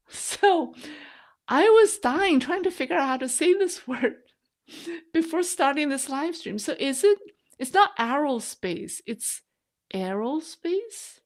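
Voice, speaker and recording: Non-native english speaking woman, slow easy talk, kinda high voice, laughs a lot on her stream. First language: not English. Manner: chatty, laughs often, self-deprecating. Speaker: live-stream host. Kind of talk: casual live-stream chat.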